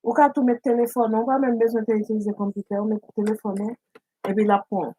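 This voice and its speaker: A woman, the vlogger's aunt, chatting quickly and mixing French with English words. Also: a little high, level tone, warm tone, husky, no echo, low-quality recording. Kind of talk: casual chat in French.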